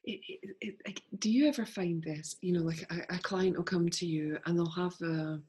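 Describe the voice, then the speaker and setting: Chatty middle-aged Scottish woman, low voice. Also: normal speed, mellow. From Scotland. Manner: reflective, chatty, laughs easily. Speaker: podcast guest. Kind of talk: casual conversation.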